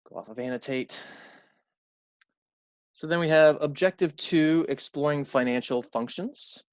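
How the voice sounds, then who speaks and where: A man's voice: on the high side, a little slow, no echo, clean studio sound. A man teaching a recorded college math lecture in a conversational way, repeating key points and correcting himself aloud.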